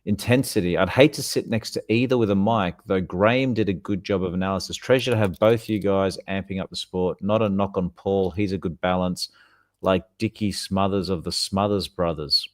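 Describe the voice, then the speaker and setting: A low-voiced man co-hosts a live stream podcast, reading out viewer comments in a chatty, laughing way. His voice sounds close and dry, with no room around it. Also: moderate pace, no room sound. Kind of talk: casual live-stream chat.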